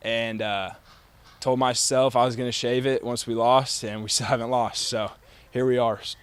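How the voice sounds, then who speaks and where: A young man in his twenties, a college quarterback with a West Texas accent, giving a soft-spoken, easygoing interview answer. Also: mid-range voice, steady tone, normal speed, clean tone.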